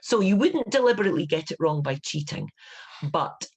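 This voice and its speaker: A Scottish woman in her fifties, an author giving an instructive talk to writers, emphatic and animated, with bursts of indignation. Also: on the low side, a little fast, slightly rough. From Scotland. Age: 50s.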